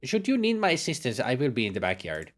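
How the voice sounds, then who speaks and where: A man plays an elderly, kindly but fussy female housekeeper, using a put-on German accent and a high, fluttery voice. He talks fast with huge swings in pitch.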